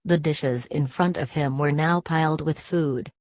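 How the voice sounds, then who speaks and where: A woman narrating an audiobook in a steady, measured way. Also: low-pitched, no echo.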